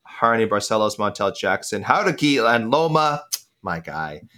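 A young man co-hosts a casual sports podcast in a somewhat low voice. He rattles through listener picks and talks over himself, restarting sentences and leaning on fillers. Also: sing-song, pushed and bright. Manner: quick, rambling, self-interrupting with many fillers.

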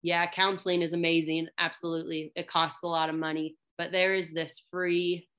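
A woman and hunting guide telling her personal story in a chatty way, full of fillers, acting out quotes in a higher voice. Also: flat delivery, normal speed, a bit bright, clean tone. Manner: chatty, many "like" fillers, acts out quotes with a raised voice.

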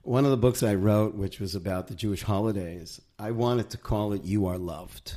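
A man's voice: lowish voice, moderate pace, dark tone. A man, an author and guest, speaking thoughtfully in a reflective conversation.

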